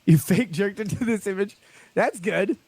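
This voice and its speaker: A man's voice: high voice, normal speed, a little mellow, husky, no echo. A man chatting as a guest on a livestream, rambling, laughing often and reading chat messages aloud. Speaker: stream guest.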